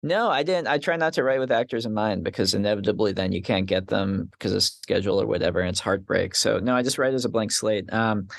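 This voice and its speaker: A man's voice: on the low side, fast talker, gravelly, few pauses, no room sound, studio quality. A man, a film writer and director, answering interview questions wryly and laughing often. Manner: laughs often, wry and self-deprecating.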